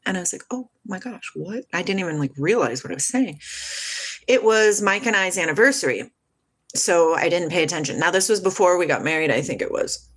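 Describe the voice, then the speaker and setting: Talking to her live chat, a woman with a lowish voice shares a personal story, rambling emotionally, swearing, and losing her train of thought before starting over.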